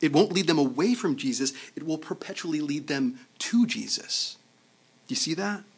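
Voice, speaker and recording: A man's voice: fairly high pitch, expressive, moderate pace, husky. A man preaching a sermon in a conversational way. He often checks in with the congregation and repeats words as he goes. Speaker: pastor.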